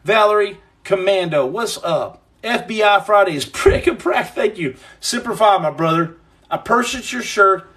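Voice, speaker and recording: High-voiced man joking with viewers. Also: animated, moderate pace, fairly bright tone. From United States. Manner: joking, rambling banter with playful nicknames. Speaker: host of a livestream podcast. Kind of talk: casual livestream chat reading viewer comments.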